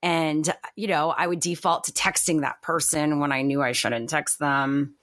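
A woman talking as a podcast guest in a reflective, animated way, with many fillers and restarts. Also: low voice, moderate pace, no echo. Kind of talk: casual podcast conversation.

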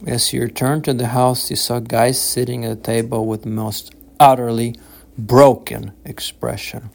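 A man reading his own novel aloud in a slow, measured, solemn audiobook narration. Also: mid-range voice, flat delivery, gravelly, a little mellow.

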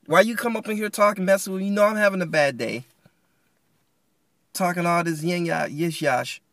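A man voicing an exasperated, defensive biblical hero who talks back in a loud, raised, slangy voice. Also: no echo, studio quality, close to an everyday voice. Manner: indignant, slangy, loud and high.

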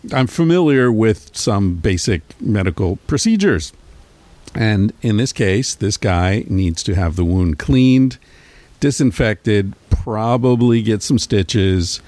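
Low gravelly middle-aged man rambling. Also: darkish tone. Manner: rambling, profane storytelling. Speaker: podcast host. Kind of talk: casual solo monologue. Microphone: handheld mic.

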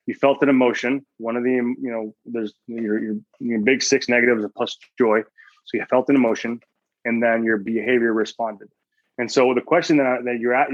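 A man's voice: medium pitch, no room sound, muffled recording. A man speaking as a guest chaplain in a podcast interview, telling stories earnestly, quoting his own thoughts and often restarting his sentences.

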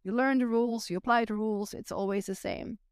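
A woman's voice: fairly high pitch, steady tone, fairly quick, clean tone, no echo, studio quality. A Belgian woman, a native Flemish speaker, chatting frankly and casually on a podcast, with a Flemish accent and lots of "like". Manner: chatty, uses "like" a lot, frank. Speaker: guest.

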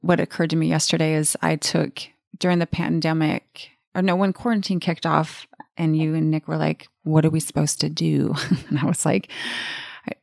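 A middle-aged woman hosts a relaxed podcast chat with a slightly low voice. She tells candid, animated stories and swears freely. The sound is dry and close. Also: moderate pace, gravelly, no echo. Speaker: podcast host, life coach. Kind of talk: casual chat.

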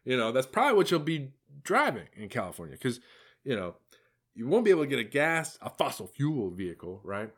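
A man's voice: mid-range voice, big pitch swings, a little fast, a bit bright. Sarcastic guy rambling on his podcast, voice bouncing all over, lots of um and you know. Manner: sardonic, meandering, full of fillers and asides. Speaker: podcast host. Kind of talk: casual rambling monologue.

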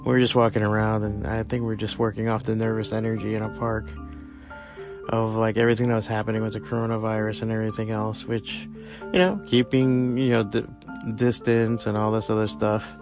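A man with a low, gravelly voice rambles through a casual solo podcast monologue, thick with fillers and swearing. Faint music plays quietly behind him. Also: level tone, brisk. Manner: rambling, profane, many fillers. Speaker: podcast host.

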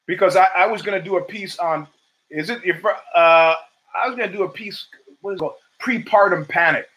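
Older guy hosting his own show, rambling and swearing a lot, kinda high voice for a man, jumps into little acted-out quotes. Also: a little fast. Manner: profane, rambling, animated storytelling with acted quotes. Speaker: podcast host. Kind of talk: casual monologue.

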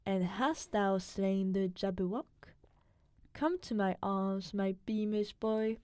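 Slow-talking mellow-voiced woman. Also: mid-range voice, fairly even intonation, clean tone, dry recording. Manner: measured, self-deprecating, laughs easily. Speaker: podcast co-host. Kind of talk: poetry reading and casual chat.

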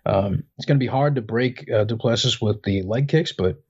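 A man's voice: medium pitch, moderate pace, slightly rough. A man co-hosting a casual fight-sports talk show, rambling through his analysis with many fillers and restarts. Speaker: MMA podcast co-host. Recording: dull lo-fi audio.

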